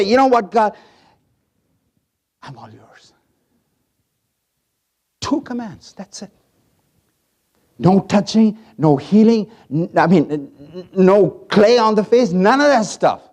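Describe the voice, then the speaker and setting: A male pastor preaching a sermon, swinging from hushed asides to loud acted-out lines. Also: high-pitched, a little slow. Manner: animated, swings from hushed to loud, acts out voices.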